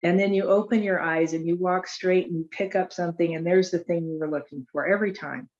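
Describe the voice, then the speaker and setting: A woman's voice: fairly low pitch, fairly even intonation, brisk, a little mellow. Chatty woman telling a story on a call, kinda muffled lo-fi sound. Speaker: host. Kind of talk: casual conversation.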